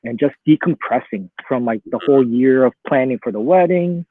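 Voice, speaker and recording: A man's voice: mid-range voice, fairly quick, dry recording. Man from Philly on a tinny call line. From Philadelphia. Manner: relaxed, chatty, laughs often. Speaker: guest. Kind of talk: casual chat. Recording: tinny phone-like line, dry.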